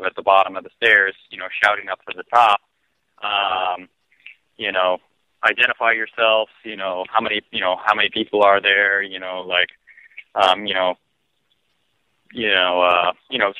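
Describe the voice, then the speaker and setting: Low-voiced man, radio guest recounting events, measured and hesitant, heavy on fillers; dull, dry lo-fi sound. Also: clean tone, no echo. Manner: calm, halting, full of "you know" fillers. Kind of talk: personal story told on talk radio. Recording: dull lo-fi dry broadcast audio.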